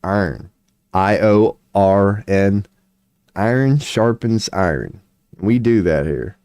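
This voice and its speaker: A man live-streaming tarot readings, chatting casually and reading chat aloud, his voice going hoarse as he keeps clearing his throat. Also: fairly low pitch, animated, slow, darkish tone, no room sound. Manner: rambling, swears casually, laughs often, reads chat aloud.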